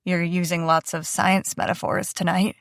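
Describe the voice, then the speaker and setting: A woman voicing an easygoing teenage boy who gently teases, in an audiobook. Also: fairly low pitch, level tone, normal speed, vocal fry, no room sound, studio quality. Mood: curious.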